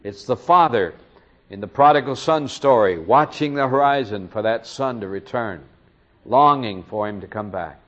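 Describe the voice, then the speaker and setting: A man's voice: medium pitch, lively intonation, normal speed, a bit bright, dull audio. A man preaching an expository sermon as pastor, impassioned and swelling to cries in pleading passages.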